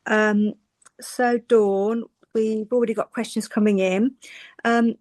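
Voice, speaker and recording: A woman's voice: medium pitch, fairly even intonation, slow pace, darkish tone, no room sound. A woman hosting an online meeting, friendly and businesslike, reading out questions from the chat. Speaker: meeting host.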